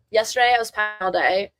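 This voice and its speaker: A young woman co-hosting a podcast, chatting in a relaxed way at one steady volume. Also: mid-range voice, no echo. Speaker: podcast co-host. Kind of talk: casual chat.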